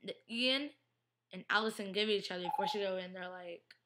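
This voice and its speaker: A young woman in a casual vlog, rambling through an episode recap with lots of "like" and quick impressions of the characters. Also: mid-range voice, noisy background. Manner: chatty, rambling, heavy use of "like".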